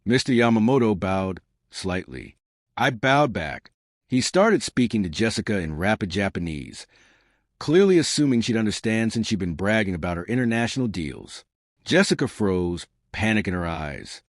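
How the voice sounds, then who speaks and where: A man narrating a scripted first-person story with wry, deadpan delivery. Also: on the low side, normal speed, no room sound, studio quality.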